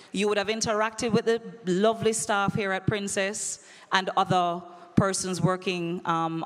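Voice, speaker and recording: A woman hosting a live audience quiz at a conference, playful and teasing with a dramatic flair, on a handheld mic in a large hall. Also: medium pitch. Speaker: conference emcee. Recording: echoey hall with long reverb.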